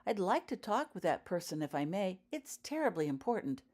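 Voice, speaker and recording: A woman voicing a polite, eager young girl in an audiobook reading, sounding hopeful and bright. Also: on the low side, very animated, brisk.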